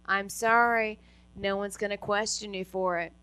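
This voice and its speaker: A woman doing stand-up on a club stage, in a mock-serene, deadpan delivery. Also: medium pitch, normal speed, smooth, no room sound. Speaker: stand-up comedian. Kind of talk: stand-up set.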